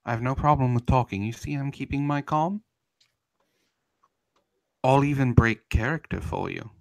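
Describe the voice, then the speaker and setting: A man's voice: medium pitch, normal speed, vocal fry, no echo. A man hosting a live stream, ranting in a confrontational, taunting way and answering chat, admitting he is getting heated.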